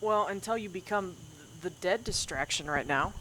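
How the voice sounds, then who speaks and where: A woman playing a tabletop game, reacting quickly with laughs and exasperation. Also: on the low side, sharp tone, a little hiss or hum. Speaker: player. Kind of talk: casual tabletop play.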